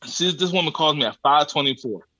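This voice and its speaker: Brisk and on the high side, this man's voice comes through a dry, dull recording. He's guesting on a podcast with a comic travel anecdote, colloquial and casually sweary, animatedly acting out the exasperated back-and-forth with people he dealt with.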